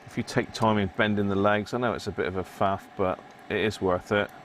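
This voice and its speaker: A man's voice: on the low side, steady tone, fairly quick, a little hiss or hum. A British man hosting a livestream, chatting casually and rambling while he works on a radio repair, often laughing at himself. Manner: chatty, rambling, self-mocking.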